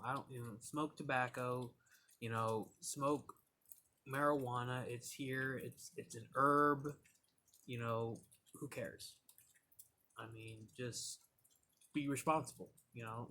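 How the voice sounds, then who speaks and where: A man's voice: medium pitch, a little slow, a bit bright. Rambling casual man telling stories. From Michigan. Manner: rambling, loose, full of "like" and "you know". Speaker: cigar reviewer. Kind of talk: casual storytelling vlog.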